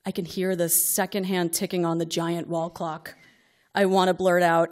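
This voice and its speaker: A woman's voice: fairly low pitch, fairly even intonation, normal speed, a little mellow. A middle-aged woman reading a comic personal story aloud to a live audience, wry and exasperated, building to outbursts.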